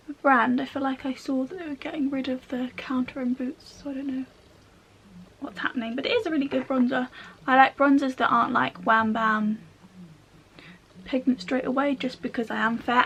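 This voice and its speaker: A young woman chatting casually through a makeup tutorial, slangy and relaxed, often dropping into soft half-whispered asides. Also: high voice, fairly quick, a little hiss or hum. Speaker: beauty vlogger.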